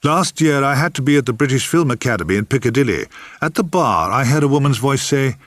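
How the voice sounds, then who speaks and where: An older man narrates his memoir in a wry, theatrical way, with a voice that rises and falls lively at a middle pitch. The recording is close and dry, with no room sound. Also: brisk, few pauses, no room sound. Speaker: author reading his memoir.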